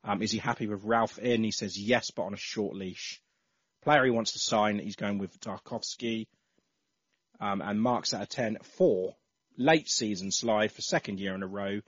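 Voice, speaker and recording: In slightly dull lo-fi audio, a podcast host with a lowish voice reads listener entries for his casual football show at a moderate pace, using many ums and uhs. The recording is dry.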